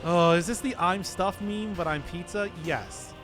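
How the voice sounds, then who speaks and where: A man's voice: high-pitched, moderate pace, over music. A man from the American Midwest with a Midwestern accent, rambling and giggling through casual commentary while streaming a game. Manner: rambling, giggly, laughs often. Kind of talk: live gameplay commentary, casual chat.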